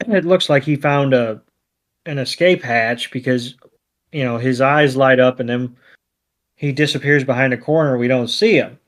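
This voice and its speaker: A man co-hosting a podcast, retelling a cartoon episode in a relaxed way with many fillers. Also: mid-range voice. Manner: laid-back, lots of ums and you-knows. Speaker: podcast co-host. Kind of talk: casual episode recap.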